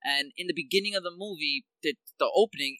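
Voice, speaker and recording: A man in casual chat, excited and quick to act out sounds. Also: a little high, no room sound, low-quality recording.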